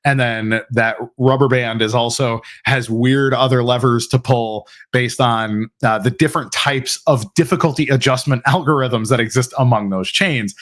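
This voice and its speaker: A man's voice: medium pitch, a bit bright. Guy hosting a live q&a stream, rambly, lots of um and like, restarts his sentences a lot. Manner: rapid, rambling, full of fillers and restarts. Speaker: host. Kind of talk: live ask-me-anything stream.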